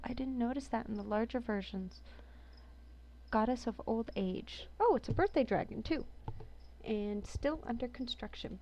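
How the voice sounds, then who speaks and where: A woman's voice: a little high, a little mellow, slight background noise. A woman chatting casually and with amusement as she reviews a game collection, reading entries aloud between her own comments. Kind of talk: casual commentary while browsing.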